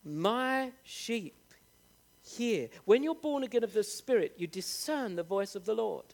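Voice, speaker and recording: A male preacher with a strikingly high voice delivers a sermon. He speaks earnestly and straight to his listeners. He leans on key phrases, drawing them out and lifting his pitch for emphasis. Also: animated, gravelly, darkish tone. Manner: earnest, direct address to the congregation; rises with emphatic, drawn-out phrases.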